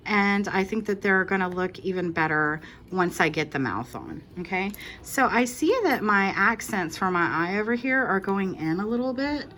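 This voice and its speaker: A woman's voice: mid-range voice, fairly bright tone, slight background noise. A woman hosting a casual crochet tutorial, walking through each step in a chatty, reassuring way and correcting herself as she goes.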